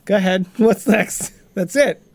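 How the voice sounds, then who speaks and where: A man's voice: high voice, a little slow, creaky, dry recording. A man co-hosting a podcast in casual chat, playful and jokey, laughing often. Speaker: podcast co-host.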